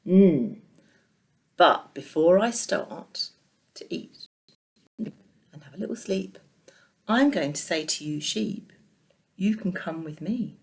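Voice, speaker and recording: A gentle, fair storybook king, played by a woman in her everyday voice, measured and unhurried. Her tone moves freely, and it stays low and calm. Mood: kind.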